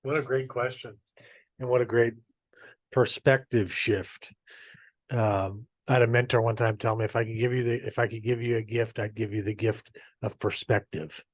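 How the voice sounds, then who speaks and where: A man hosting an interview, responding with encouragement and asking questions in a halting way full of fillers. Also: mid-range voice, steady tone, no room sound. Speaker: host.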